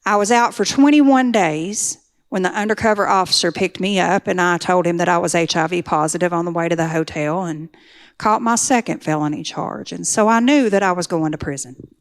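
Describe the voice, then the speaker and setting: A woman's voice: on the low side, fairly quick. Woman giving a testimony. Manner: earnest storytelling, rising to pleading intensity. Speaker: speaker sharing a recovery testimony. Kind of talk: personal testimony talk.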